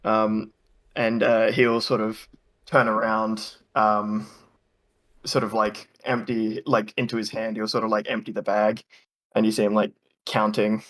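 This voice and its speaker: A man narrates a tabletop fantasy game as game master. He speaks slowly in a fairly low voice and pauses constantly with ums and likes. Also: little pitch movement, fairly bright tone. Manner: hesitant, full of ums and likes.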